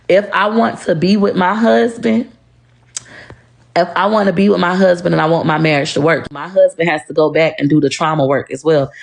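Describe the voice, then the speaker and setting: A social media creator talks to camera about her marriage in a candid monologue, blunt and heated and cursing freely. Her voice is lowish and gravelly.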